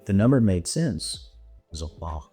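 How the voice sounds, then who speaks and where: A man from Texas, a podcast guest telling stories in an animated way and acting out dialogue. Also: low-pitched, normal speed, breathy edge, faint music behind. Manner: animated, acts out dialogue in voices. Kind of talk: storytelling anecdote.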